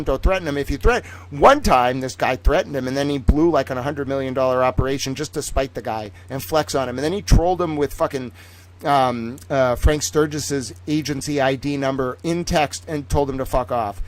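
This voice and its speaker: This is a man on a livestream talking fast and loose, full of sarcasm and swearing. He keeps slipping into little acted-out exchanges between imagined people, and his voice sits in an ordinary middle pitch. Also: rough recording. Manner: animated, sarcastic, swears freely, acts out imagined dialogue. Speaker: independent streamer and commentator. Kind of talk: profane rambling monologue.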